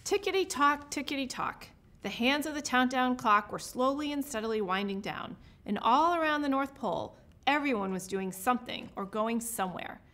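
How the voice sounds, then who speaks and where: A high-pitched woman reads a holiday picture book to children in an expressive, lively way. Her delivery is warm-paced storytelling, bright and clear. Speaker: state representative reading a picture book. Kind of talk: children's story read-aloud.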